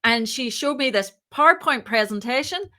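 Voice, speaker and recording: Bright-voiced chatty woman telling a story. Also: fairly high pitch, moderate pace. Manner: chatty, animated, acts out quoted dialogue. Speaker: startup co-founder, guest. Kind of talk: casual storytelling in an interview.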